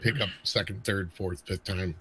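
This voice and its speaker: A man's voice: low voice, steady tone, moderate pace, a crowd in the background. A man co-hosting a casual live-stream chat, laid-back and swearing freely. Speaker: co-host.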